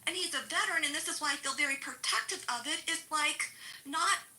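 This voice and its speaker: A woman's voice: high-pitched, a little fast, bright, forceful tone, low-quality recording. A middle-aged woman in a heated, sarcastic, swearing rant to a social audio room.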